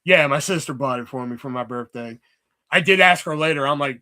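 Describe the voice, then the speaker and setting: Chatty, profane man with a bright voice. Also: on the high side, quick pace. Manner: profane, chatty, lots of "you know" fillers. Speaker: livestream host. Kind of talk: casual rambling storytelling.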